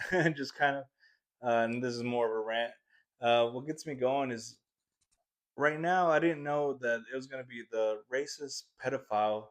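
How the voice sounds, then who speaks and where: A young man rants on a casual comedy podcast, swearing freely and wandering from point to point. He laughs often and sounds close to a podcast mic, with a mid-range voice. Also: mid-range voice. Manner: profane, rambling, laughs often. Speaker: podcast host.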